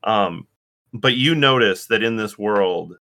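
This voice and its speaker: A man's voice: fairly low pitch, slow pace, bright, forceful tone. A man narrating a tabletop game as game master, hesitant and full of restarts. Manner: hesitant, many fillers and restarts.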